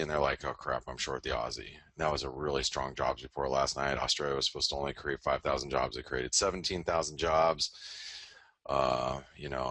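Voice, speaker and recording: Very deep-voiced man, forceful and husky. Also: no room sound. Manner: rambling, self-correcting, talks to himself. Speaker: forex market show host. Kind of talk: casual live market commentary.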